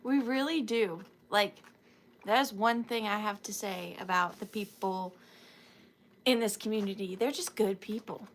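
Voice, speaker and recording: A woman's voice: medium pitch, measured pace. A sleepy woman with a Southern US accent hosting a live sale stream, chatting casually and greeting viewers by name, sometimes dropping to a whisper.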